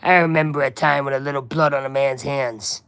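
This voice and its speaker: A man putting on the voice of a measured, menacing male crime boss while reading game dialogue aloud. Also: mid-range voice, steady tone, a bit bright, clear, resonant tone, no echo, close to an everyday voice. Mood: scornful.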